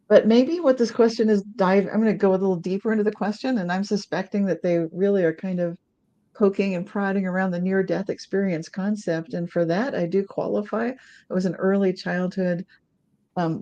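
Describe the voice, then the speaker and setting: A woman's voice: on the low side, mellow, highs cut off. A woman on a panel discussion call, talking in a chatty way and laughing between thoughts.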